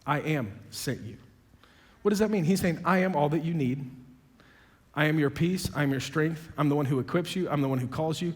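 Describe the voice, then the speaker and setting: Man, pastor, high voice, sermon delivery, emphatic peaks, long church-hall reverb. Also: brisk. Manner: preaching that builds to loud, emphatic, high-pitched peaks; quotes dialogue in conversational voices, self-described sarcastic.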